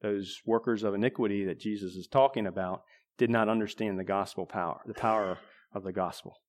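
A man preaching a sermon in a conversational way, restarting phrases and clearing his throat now and then. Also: on the low side, steady tone, a little fast.

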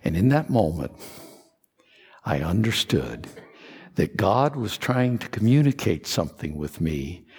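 Low husky preacher in a reverberant hall. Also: male voice, sing-song, a little slow, pauses often. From Kentucky, USA. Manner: earnest, confessional storytelling with soft dropped asides. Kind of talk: sermon.

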